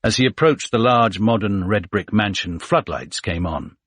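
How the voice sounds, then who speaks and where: Deep husky male audiobook narrator. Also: animated, moderate pace, fairly bright tone, no echo, clean studio sound. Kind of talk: scripted thriller narration.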